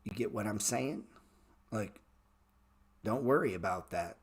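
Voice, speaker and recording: Blunt, profane lower-voiced male host. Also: animated, unhurried, breathy edge. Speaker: trading show host answering viewer chat. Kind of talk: casual livestream chat.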